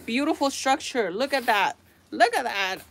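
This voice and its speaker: A young woman hosting a casual live stream, talking to her viewers in an exasperated, animated way. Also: fairly high pitch, moderate pace.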